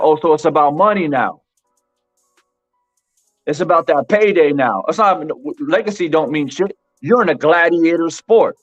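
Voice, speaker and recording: This boxing commentary host has a fairly high, expressive voice and keeps a moderate pace. Addressing his chat during a live stream, he talks emphatically, repeats himself, and says "bro" often. The recording sounds dull and lo-fi, with faint music.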